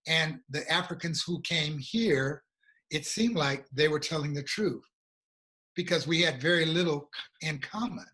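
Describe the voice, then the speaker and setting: American guy telling his story, earnest and reflective, a bit high-pitched. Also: pushed and bright. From USA. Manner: earnest, reflective, slow at emotional moments. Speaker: guest, regional coordinator. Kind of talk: personal storytelling in a conversation.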